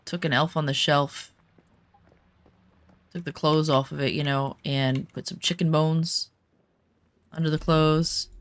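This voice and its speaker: A woman talks casually while playing a game, drifting from quiet murmurs into chatty, rambling stories. Her voice sits low with a gravelly, fry-laced edge. The sound is close and dry, with no room around it. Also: no room sound. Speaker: gaming streamer. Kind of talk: casual chat while gaming.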